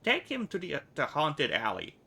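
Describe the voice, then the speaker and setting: A man voicing a sly, crippled older fixer in a video game, mock-courteous and quietly dangerous. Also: a little high, wildly swooping pitch, normal speed, vocal fry, slightly rough, pitched above the performer's own voice, heavily acted.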